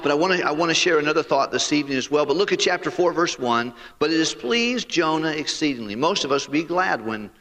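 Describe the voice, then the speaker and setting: A man's voice: on the high side, fairly bright tone, long reverb tail. A man preaching a sermon as pastor, with emphatic rising delivery and direct appeals to the listeners.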